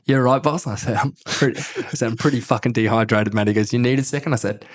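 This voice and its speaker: A man in his thirties with an Australian accent, a former army officer telling stories in a casual podcast interview, animated and laughing, swearing freely. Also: mid-range voice, fast talker. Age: 30s. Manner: animated, laughing, swears a lot, acts out quotes.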